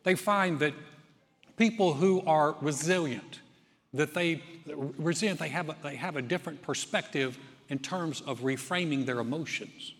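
A male pastor from North Carolina delivers a sermon. He talks in a folksy, conversational way with a somewhat high voice. Long reverb from a large church hall carries every line. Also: normal speed, fairly bright tone.

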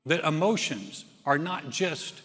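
A man's voice: fairly high pitch, animated, takes it slowly, fairly bright tone. A man from North Carolina preaching a sermon in a folksy, conversational way. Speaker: pastor. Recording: long hall reverb.

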